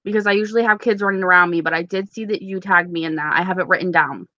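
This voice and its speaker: A woman's voice: lowish voice, quick pace, bright, forceful tone, no room sound, lo-fi sound. A young woman hosting a casual live stream with a sore, stuffy throat, chatting with viewers and answering them by name. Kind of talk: casual live-stream chat reading comments.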